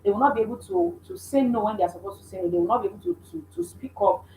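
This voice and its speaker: A woman's voice: mid-range voice, big pitch swings, very fast, a little mellow, a little hiss or hum. A mother giving an instructive talk on parenting, earnest and repeating her points with many restarts. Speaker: parenting coach. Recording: echoey room.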